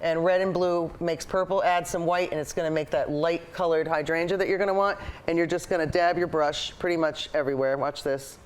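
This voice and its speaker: A woman's voice: lowish voice, steady tone, a little fast, few pauses, smooth. A woman hosting a live painting lesson, chatting eagerly and thinking aloud as she paints. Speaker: painting show host and art teacher.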